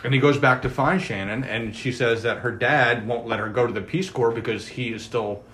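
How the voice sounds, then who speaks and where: A man's voice: medium pitch, moderate pace. A man co-hosting a podcast, casually recapping a TV episode and quoting the characters as he goes. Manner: chatty storyteller, quotes characters in lively asides. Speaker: podcast co-host.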